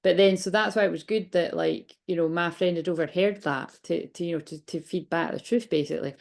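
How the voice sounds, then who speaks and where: A woman's voice: lowish voice, a little fast, a little mellow. A woman in her late thirties doing a chatty, rambling tarot reading vlog, hiccuping and a bit out of breath. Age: 30s. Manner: rambling, chatty, many restarts. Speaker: tarot reader.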